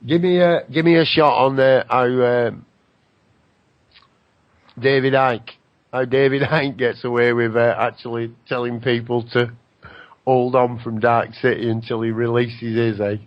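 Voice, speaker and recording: A man hosting a casual radio talk show, joking and rambling with an animated, mocking manner. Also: mid-range voice, a little slow, no room sound, muffled recording. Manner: animated, jokey, rambling with laughs.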